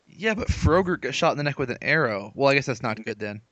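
A man co-hosting a podcast in casual chat, joking with quick asides and frequent laughs, on a dull lo-fi recording. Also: medium pitch, expressive, a bit bright, no echo. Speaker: podcast co-host. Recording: dull lo-fi sound.

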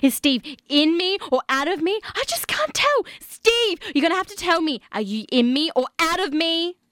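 A woman's voice: very high voice, sing-song, normal speed, fairly bright tone, dry recording, studio quality. A woman playing a flustered player in a scripted comedy sketch. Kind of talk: scripted comedy role-play.

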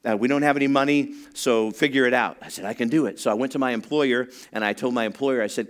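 A middle-aged man preaching a sermon, telling stories with frequent restarts and building to excited, louder passages. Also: on the low side, brisk. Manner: storytelling with rising excitement, many restarts. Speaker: pastor.

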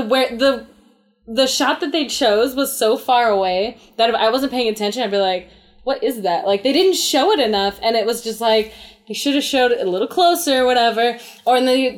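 A woman's voice: a little high, normal speed. A woman in casual movie review chat, chatty, agreeing and laughing.

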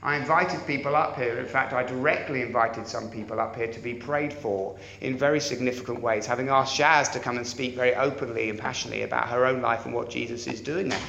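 A man preaching a sermon as a church elder and pastor, asking the congregation rhetorical questions and swinging between loud and soft delivery. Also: medium pitch, fairly even intonation, fast, creaky, hardly any pauses, highs cut off. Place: church hall. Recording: very echoey church hall, faint noise.

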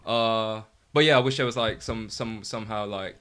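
A man's voice: lowish voice, steady tone, moderate pace, a bit bright, clean tone. Rambling man full of likes. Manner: rambling, full of likes and repeated yeahs, laughs often. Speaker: friend giving feedback. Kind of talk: casual chat.

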